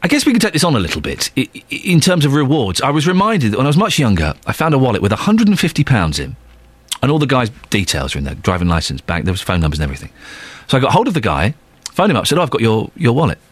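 Lively chatty male radio presenter. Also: mid-range voice, fast, slightly rough, no echo. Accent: English. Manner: chatty, jokey, rambling with restarts. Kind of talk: breakfast radio presenting and anecdotes. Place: radio studio. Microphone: studio microphone.

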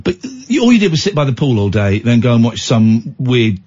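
A man's voice: medium pitch, brisk, husky, muffled recording. A man hosting a radio show, chatting casually and teasing his co-host with jokes. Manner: animated, teasing, jokey.

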